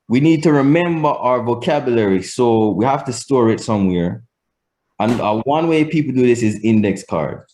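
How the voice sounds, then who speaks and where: A man's voice: medium pitch, mellow. A Jamaican man teaching a live class, patient and repeating key points for emphasis. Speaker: language teacher.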